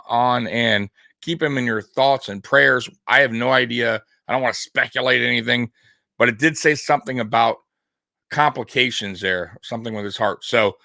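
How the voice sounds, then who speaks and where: A man hosts a sports video and chats loosely over highlight clips, restarting his sentences often. His voice is bright and forceful. The recording is dry and close. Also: gravelly, dry recording. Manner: rambling, many fillers and restarts.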